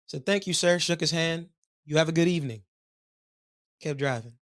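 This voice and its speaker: A man co-hosting a podcast, telling a long story in a casual, animated way and acting out the voices of the people in it. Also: fairly high pitch, moderate pace, pauses often, no echo, studio quality. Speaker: podcast co-host.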